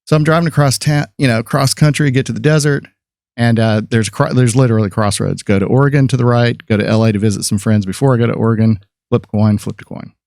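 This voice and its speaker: Gravelly man in his fifties telling stories. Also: medium pitch, fairly even intonation, quick pace, darkish tone, dry recording, studio quality. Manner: rambling anecdotal storyteller, many fillers and restarts. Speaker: podcast guest, photographer. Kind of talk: casual storytelling chat.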